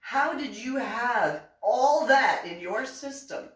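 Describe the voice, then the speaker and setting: A woman's voice: on the high side, animated, takes it slowly, a bit bright. A woman quoting a blunt male army sergeant in her own voice, questioning her in brusque tones. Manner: brusque, interrogating. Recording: roomy echo, mic at a distance.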